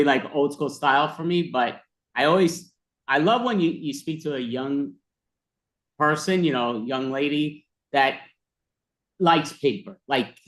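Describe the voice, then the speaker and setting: A man's voice: a little high, fairly bright tone. Rambling, exasperated man chatting. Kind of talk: casual chat.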